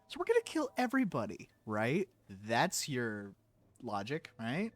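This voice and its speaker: A man's voice: mid-range voice, huge pitch swings, unhurried. Sarcastic man joking over a game. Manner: sarcastic, jokey, talks back at the game. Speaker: game player. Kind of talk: let's-play commentary.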